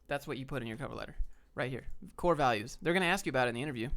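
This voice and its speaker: Racing along with hardly any pauses, a medium-pitched man hosts a livestream about job hunting. He's blunt and laid-back, swears casually and talks straight to his viewers.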